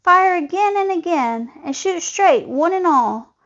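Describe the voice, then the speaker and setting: A woman's voice: high voice, animated, moderate pace. A woman voicing a commanding male hunter barking orders in a storybook reading. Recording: dull lo-fi recording.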